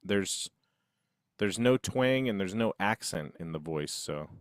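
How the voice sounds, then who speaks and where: A man's voice: deep voice, animated, slow pace, no room sound, clean studio sound. A man co-hosting a livestream, chatting casually and cursing while he reacts to videos. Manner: loose, profane, guessing banter. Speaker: livestream co-host.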